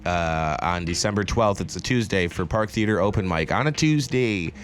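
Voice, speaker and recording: A man's voice: low-pitched, animated, moderate pace, faint music behind. A young man co-hosting a casual podcast chat, laughing often and retelling quotes with sarcasm. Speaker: podcast co-host.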